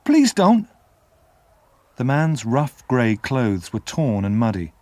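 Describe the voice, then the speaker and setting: A man narrating a classic story as an audiobook in a measured, expressive storytelling manner. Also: medium pitch, dry recording.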